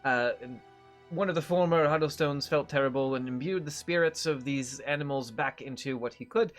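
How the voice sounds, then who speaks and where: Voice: mid-range voice, moderate pace, faint music behind, voice pushed down, lightly acted. A game master voicing a weary, disapproving nobleman host who sounds dry and put-upon.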